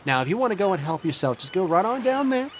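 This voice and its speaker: A man's voice: high-pitched, big pitch swings, a little hiss or hum, voice pushed up. A man doing a folksy, unflappable ship's healer. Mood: coaxing. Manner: coaxing, patronizing, drawn-out words.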